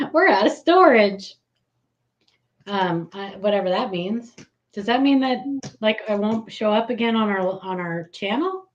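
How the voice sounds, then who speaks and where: A woman hosting a casual live stream, giggly and excitable, greeting viewers by name. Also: medium pitch, normal speed, lo-fi sound.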